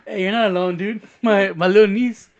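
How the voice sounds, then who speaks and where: A man's voice: sits high, steady tone, a little fast, lo-fi sound. A man chatting casually on a podcast, laid-back, swearing and calling people dude. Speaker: podcast co-host. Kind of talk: casual chat.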